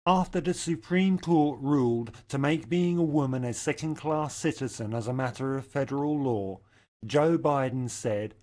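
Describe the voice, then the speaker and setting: Sardonic ranting man, sweary and deadpan. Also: mid-range voice, moderate pace. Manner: sardonic, profane, deadpan delivery. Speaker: comedy ranter. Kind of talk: scripted satirical rant.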